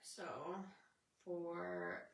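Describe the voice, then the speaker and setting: Gravelly woman chatting about crystals. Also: on the low side, level tone, very slow, reverberant, distant mic. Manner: rambling, chatty, reads out viewer comments. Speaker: spiritual livestream host. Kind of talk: casual spiritual chat with viewers.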